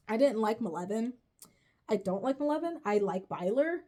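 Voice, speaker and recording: A warm, slightly high, animated voice moves at a measured pace with long pauses. The young woman is a video creator reviewing a show, rambling casually and cursing, often halting mid-sentence and laughing at herself.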